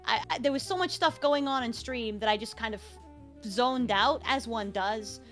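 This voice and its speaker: A young woman talking casually on a stream, telling stories with animated, acted-out reactions. Her voice sits high and sounds bright and crisp. Faint music plays in the background. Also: moderate pace. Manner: animated storyteller, acts out her own reactions. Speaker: VTuber guest.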